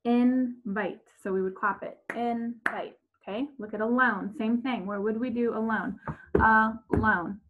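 A woman's voice: a little high, steady tone, brisk, hardly any pauses, phone-quality sound. A woman teaching fourth graders in a remote class lesson, patient and repetitive, with frequent ums as she walks through each step.

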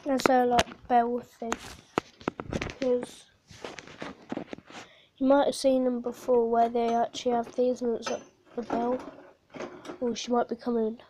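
A woman's voice: a little high, completely flat delivery, measured pace, long pauses, noisy background. A woman vlogging with her pet hamster while unwell and short of breath, often dropping to a whisper and cooing at her pet. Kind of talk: casual vlog, talking to her hamster.

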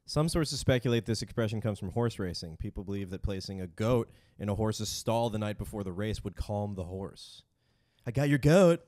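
A man's voice: lowish voice, fairly quick, few pauses, darkish tone, no room sound, clean studio sound. A young man co-hosting a comedy podcast, telling a rambling story in a laid-back, casual way.

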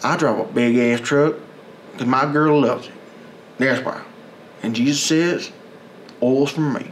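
A man's voice: medium pitch, a little hiss or hum, natural voice. A man voicing a selfish, defensive Republican guy who loves his big truck, with a put-on drawl. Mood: boastful. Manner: drawling, slow, exaggerated.

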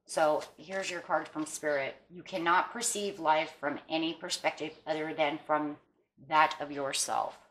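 A woman's voice: low voice, a bit bright. A woman giving a casual tarot reading to her viewers, chatty and encouraging, often checking in with "okay?" and "you know". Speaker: tarot reader.

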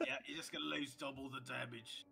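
A man's voice: mid-range voice, fairly even intonation, fairly quick, gravelly, sharp tone, husky, soft background music. A man playing a video game with friends, trading brash trash talk and banter. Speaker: gamer. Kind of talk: casual gaming chat.

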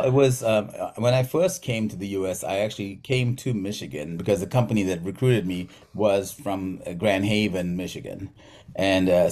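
A man's voice: on the low side, darkish tone. A middle-aged man from South Africa with a South African accent, a podcast guest talking in a thoughtful way with many fillers and restarts. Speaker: physical therapist, podcast guest. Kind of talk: conversational interview.

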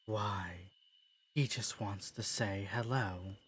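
Streamer doing a whispered role-play, spooky bedtime story voice, quiet and slow. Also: sits low, slight background noise. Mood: eerie. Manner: slow, hushed, eerie. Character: creepy hushed storybook narrator.

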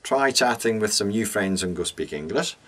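A man teaching English pronunciation in a scripted lesson, speaking deliberately and enunciating each sound clearly. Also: on the low side, expressive, a bit bright.

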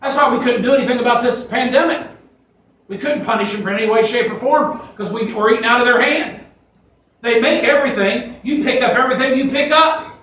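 A man's voice: extremely high pitch, brisk, a bit bright, dull audio, slight background noise. A man preaching a fiery sermon to his congregation, folksy and emphatic, quoting scripture in a church sanctuary. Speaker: pastor. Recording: echoey church from a distance.

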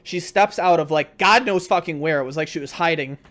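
A young man with a fairly high voice tells a story to friends on a podcast. He is animated and swears a lot, and he acts out what other people said as he goes. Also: fairly quick. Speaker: podcast host. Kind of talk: casual storytelling among friends.

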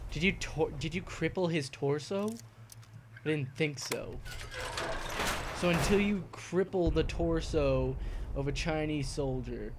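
A young man giving goofy, rambling let's-play commentary, cracking jokes and sometimes breaking into squeaky outbursts. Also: measured pace. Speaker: gameplay commentator. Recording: noisy home recording.

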